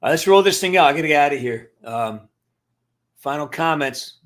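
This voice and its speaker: A man's voice: a little high, animated, a little fast, fairly bright tone. A middle-aged man hosting a livestream, ranting to his live chat in a blunt, profane, emphatic way and answering viewers' comments. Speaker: livestream host. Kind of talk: casual rant to live chat.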